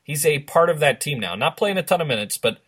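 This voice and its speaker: A man hosting a sports show, steering the talk in a casual, halting way. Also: on the high side, animated, a bit bright, breathy edge.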